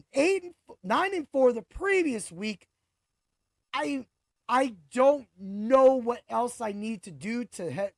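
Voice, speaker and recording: A man in his forties hosting a sports podcast, talking through fight picks in a hyped, boastful way with quick bursts of emphasis. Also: very high voice, vocal fry, no room sound, clean studio sound. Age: 40s. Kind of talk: casual sports commentary.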